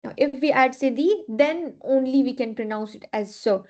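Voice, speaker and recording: A woman's voice: high voice, moderate pace, a little mellow. A woman teaching a French class, patiently repeating rules and checking in with "okay". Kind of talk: live online class teaching. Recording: dull lo-fi class recording.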